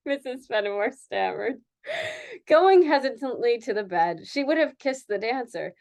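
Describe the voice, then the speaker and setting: A woman's voice: on the high side, lively intonation, moderate pace, gravelly, darkish tone. A woman reading a novel aloud, giggling and stopping now and then to comment on her own reading. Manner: laughs often, breaks off to comment. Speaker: reader.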